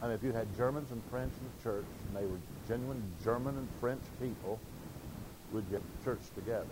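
A man's voice: medium pitch, fairly even intonation, brisk, noisy background. An older man preaching a sermon, telling stories in a folksy way and acting out quotes. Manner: folksy storytelling with acted quotes.

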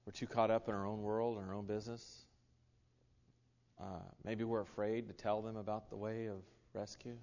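A man's voice: lowish voice, level tone, moderate pace, darkish tone, in a large hall, muffled recording. A man with an American accent preaching a sermon, earnest, with frequent restarts and asides. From United States.

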